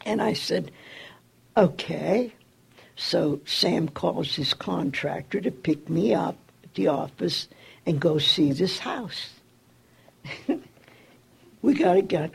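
An older storyteller with a gravelly, slightly rough voice recalls their community work through a personal story. They act out the people involved, raising their pitch for quoted dialogue.

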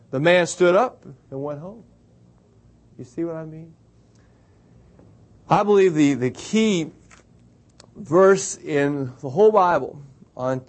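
Preacher, male, high voice, casual teaching tone, talks straight to the room. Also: darkish tone. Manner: conversational, asks the listeners questions, repeats words. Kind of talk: informal Bible teaching.

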